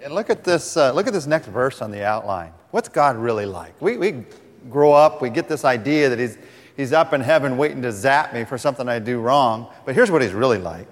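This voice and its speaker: A man's voice: medium pitch, lively intonation, a little fast, in a large hall. A man preaching a sermon as pastor, earnest, reading scripture aloud.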